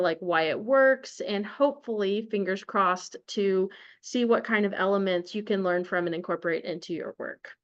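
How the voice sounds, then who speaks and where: A woman's voice: medium pitch, clean tone, dull audio. A young woman hosting an online book study in a chatty, casual way, with plenty of fillers and restarts. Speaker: study group host.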